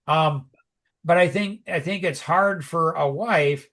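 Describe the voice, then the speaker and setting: A man's voice: on the high side, takes it slowly. Rambling man on a casual podcast. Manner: rambling, full of "like" and "you know", animated asides. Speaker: podcast co-host. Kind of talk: casual conversational podcast talk.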